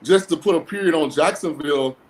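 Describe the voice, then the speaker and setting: A man's voice: on the high side, fairly quick, low-quality recording. A man appearing as a guest on a sports talk show, giving blunt, sarcastic takes in a casual way. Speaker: guest football analyst. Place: lives in a cold-weather state.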